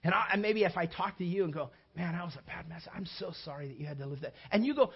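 Man, pastor, sermon, animated, high-pitched, dull lo-fi recording. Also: racing, hardly any pauses, husky. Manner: animated, acts out little scenes with shifting voices.

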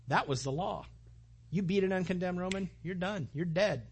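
A man preaching a sermon, retelling a scripture story in a lively way and acting out the dialogue. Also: high voice, moderate pace, husky. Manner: animated, acts out the story's dialogue. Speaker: pastor.

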